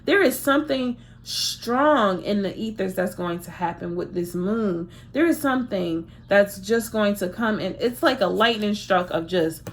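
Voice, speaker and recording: A woman in her thirties talks through a casual tarot reading in a medium-pitched voice. She is emphatic and repeats herself, restarting her sentences as she goes. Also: a little slow, hardly any pauses. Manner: emphatic and repetitive, full of restarts. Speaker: tarot reader. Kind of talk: casual spiritual card reading.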